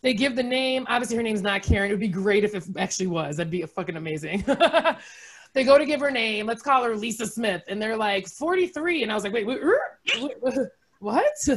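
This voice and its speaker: A woman in her forties doing a sarcastic, animated stand-up comedy set, laughing often between jokes. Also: mid-range voice, fast. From United States. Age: 40s.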